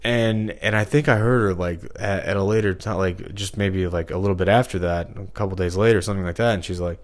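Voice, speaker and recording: A man's voice: deep voice, fairly even intonation, brisk, few pauses. A man talking alone in a rambling podcast monologue, full of fillers and restarts.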